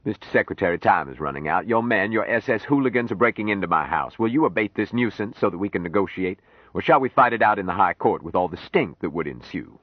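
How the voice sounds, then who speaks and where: Sardonic older lawyer, read by a male audiobook narrator; deep, measured, dry close recording. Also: expressive, no echo, lo-fi sound. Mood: dry, firm.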